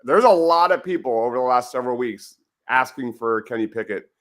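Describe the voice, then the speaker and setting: A man's voice: medium pitch, expressive, brisk. A man hosting a casual sports podcast, hesitant at first and then emphatic in his opinions. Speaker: podcast host.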